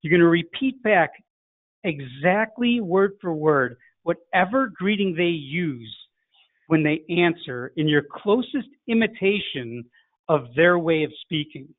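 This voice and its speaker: A slightly high, animated voice moves at an unhurried pace in this dry recording, with a tinny phone-like sound. The speaker is a middle-aged Chicago man with a Chicago accent, directly coaching a sales lesson and acting out how to answer calls.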